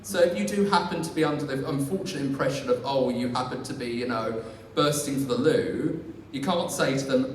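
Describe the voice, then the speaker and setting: A man's voice: mid-range voice, expressive, fairly quick, few pauses. Young man, rambling stand-up, heard from far off in a roomy hall. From England. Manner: rambling, self-deprecating, many fillers and restarts. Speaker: stand-up comedian. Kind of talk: live stand-up set. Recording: far-off echoey hall recording, faint noise.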